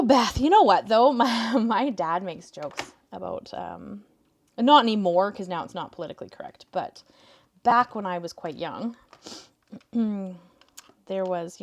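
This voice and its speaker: A woman hosting a casual crafting livestream, chatting with viewers and coaxing her cats in a soft voice. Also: medium pitch. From Canada.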